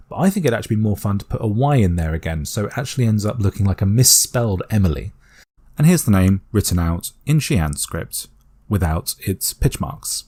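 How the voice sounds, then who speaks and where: A British man explaining a constructed language step by step in a calm, methodical tutorial voice. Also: lowish voice, slightly rough. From Britain. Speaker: language teacher.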